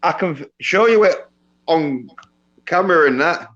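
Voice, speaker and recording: A man's voice: on the high side, lively intonation, unhurried, a bit bright. A man with an English accent chatting casually, rambling and hesitant with lots of fillers. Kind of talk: casual chat. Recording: dull lo-fi mic.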